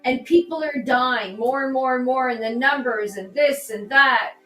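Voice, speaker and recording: A woman, a political candidate on a podcast, talking through a personal story in an animated way and acting out the dialogue. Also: high-pitched, normal speed. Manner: animated, re-enacts dialogue in her stories. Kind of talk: conversational storytelling. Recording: echoey room, distant mic, faint music.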